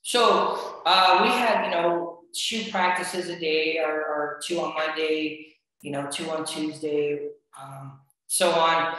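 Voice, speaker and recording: A wrestling coach tells stories from his youth in a relaxed, rambling way, full of "um" and restarts. His voice is bright and slightly high for a man. The room around him is strongly echoey. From United States. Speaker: wrestling coach and podcast guest. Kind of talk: casual interview storytelling.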